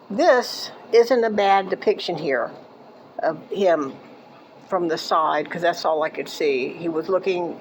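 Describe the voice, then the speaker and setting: An older woman from Florida, casually telling a memory from her childhood in a halting way, restarting sentences and trailing off into quieter asides. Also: lowish voice, a little hiss or hum, poor audio. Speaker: eyewitness recounting a childhood memory. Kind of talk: casual personal storytelling.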